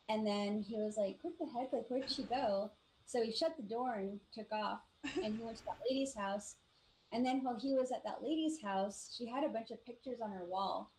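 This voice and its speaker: A woman from the Navajo Nation, co-hosting a live show and telling ghost stories in a casual, animated way, acting out the voices of the people in them. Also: mid-range voice, slight background noise, rough recording. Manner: animated storyteller, acts out quoted voices, many "like" fillers. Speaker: podcast co-host. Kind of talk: casual storytelling chat.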